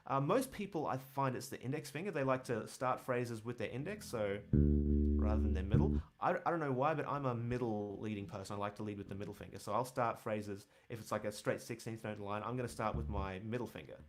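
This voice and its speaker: A man teaching bass in a casual livestream, rambling with lots of fillers as he answers questions. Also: fairly quick. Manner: relaxed, rambling, many fillers, counts and scats rhythms aloud. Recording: bass guitar playing behind.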